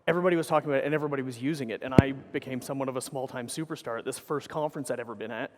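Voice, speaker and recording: A man's voice: medium pitch, steady tone, very fast, in a large hall, noisy background. A man giving a conference keynote, telling rambling anecdotes full of swearing and self-corrections into a stage microphone. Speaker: keynote speaker.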